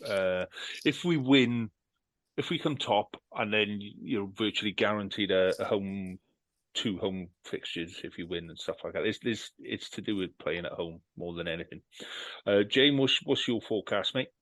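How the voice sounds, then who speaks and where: A man's voice: lowish voice, moderate pace, fairly bright tone, dry recording, rough recording. A man hosting a rugby podcast, chatting casually, joking and swearing freely as he runs through predictions. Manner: jokey banter, runs the segments, swears freely. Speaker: podcast host. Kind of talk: casual chat.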